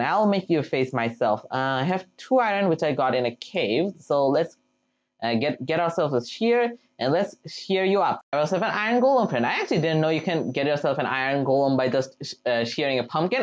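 A gameplay commentator talks through a game with a bouncy, lively voice that swoops up and down. The delivery is casual and jumpy, quick to break into startled exclamations. The sound is dull and lo-fi, like a cheap home mic. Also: medium pitch. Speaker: gameplay video creator.

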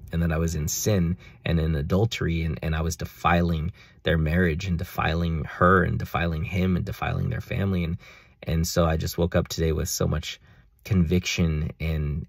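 Low gravelly-voiced young man vlogging. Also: no echo, studio quality. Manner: earnest, rambling, many fillers. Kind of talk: casual personal video diary.

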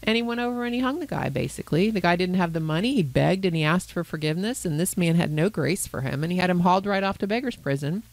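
A woman, a Christian counselor co-hosting a podcast, retelling a Bible parable in a lively storytelling way. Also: fairly low pitch, quick pace, hardly any pauses, poor audio. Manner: animated storyteller who voices characters. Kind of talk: conversational Bible teaching.

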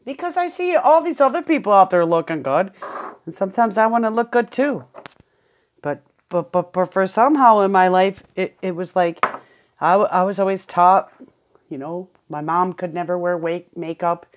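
A woman's voice: lowish voice, expressive, moderate pace. Rambling woman talking to camera. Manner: rambling, repeats words, swears. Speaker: vlogger. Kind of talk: candid personal vlog. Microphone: headphones with camera.

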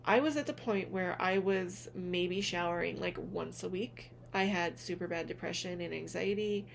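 A woman speaking gently and earnestly to her viewers in a heartfelt vlog, calling them honey as she encourages them. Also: fairly low pitch, moderate pace, vocal fry, slight background noise. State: tearful at moments. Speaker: spiritual vlogger, reader. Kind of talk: heartfelt direct-to-camera vlog.

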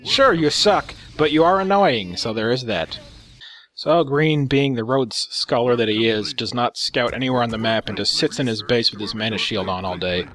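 A man's voice: medium pitch, moderate pace, fairly bright tone. A man commentating on game replays in a sarcastic, profane, amused way.

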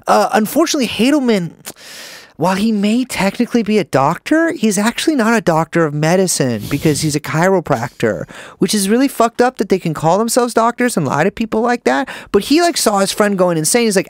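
A man's voice: animated, a little fast, dry recording. Young guy rambling on a podcast, cursing a lot, keeps cutting himself off, very dry close sound. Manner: rambling, swearing, self-interrupting with wide pitch swings. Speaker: podcast co-host. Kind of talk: casual podcast chat.

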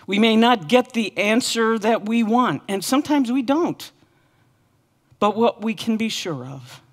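Slow, earnest woman pastor preaching. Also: lowish voice. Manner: earnest, impassioned repeated lament. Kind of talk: sermon.

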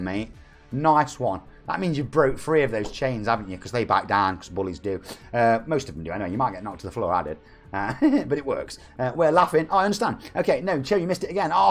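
A man, chatting and joking with viewers as a game streamer. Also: mid-range voice. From England. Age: 40s. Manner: chatty, jokey, reads out viewer messages. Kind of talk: live-stream chat with viewers.

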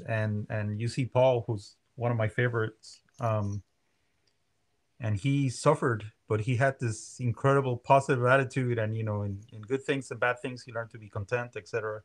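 A man, answering interview questions in a thoughtful, hesitant way. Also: medium pitch. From Mexico. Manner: thoughtful, hesitant, self-deprecating. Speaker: guest, band member.

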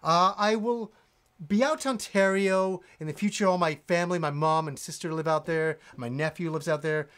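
A man's voice: fairly high pitch, fairly bright tone, smooth. A male host chatting casually on a live stream, reading viewer messages aloud with frequent restarts and hesitations. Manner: reads viewer chat aloud, halting with many restarts.

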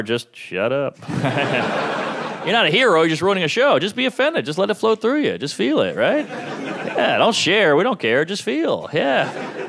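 A man in his thirties doing a stand-up comedy set, delivering deadpan one-liners and quick acted-out quotes. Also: fairly high pitch. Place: comedy club stage. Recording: live club recording with crowd noise. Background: audience laughing.

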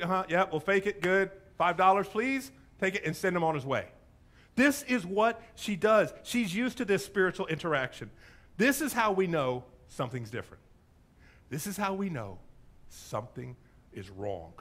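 Pastor preaching, high voice, wide swings, playful storyteller. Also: male voice, fairly bright tone. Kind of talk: sermon.

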